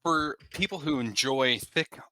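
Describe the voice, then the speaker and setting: Bright-voiced male game master. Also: medium pitch, measured pace. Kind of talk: casual chat and game setup.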